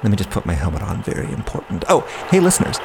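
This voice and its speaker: A man's voice: fairly low pitch, big pitch swings, racing, gravelly, background noise. A man playing Scotty, a bubbly, chatty male host character who tells puns and talks straight to the listeners in a children's audio drama. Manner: bubbly, chatty, punny, addresses listeners directly. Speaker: show host.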